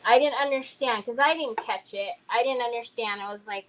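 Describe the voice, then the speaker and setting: A woman's voice: fairly high pitch, moderate pace, fairly bright tone, rough recording. A woman, chatting casually and rambling through a story while she crafts on a livestream. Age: 50s. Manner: chatty, rambling, addresses viewers as y'all.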